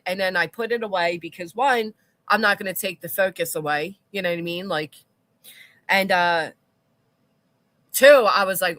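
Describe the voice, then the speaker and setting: A middle-aged woman chats casually with her livestream viewers, rambling and reading their comments aloud. Her voice is bright and forward. The sound is dry and close to the mic. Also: mid-range voice, dry recording. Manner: chatty, rambling, reads chat aloud.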